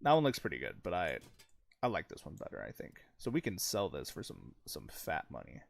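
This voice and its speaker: A man's voice: low voice, wildly swooping pitch, fairly quick, vocal fry. A man giving casual, chatty commentary over his own gameplay, swearing freely and laughing often as he talks to his viewers. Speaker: gaming channel host.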